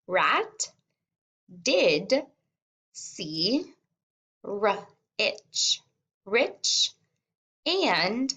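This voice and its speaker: A woman kindergarten teacher reading a simple storybook aloud word by word, sounding out and repeating words and gently encouraging young children to follow along. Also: mid-range voice, vocal fry. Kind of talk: slow read-along lesson for young children.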